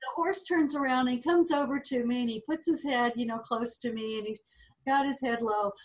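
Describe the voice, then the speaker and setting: A woman's voice: fairly high pitch, a little fast. A woman guest who talks with animals, telling a story in a chatty way with frequent "um" fillers. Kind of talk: anecdotal storytelling in an interview.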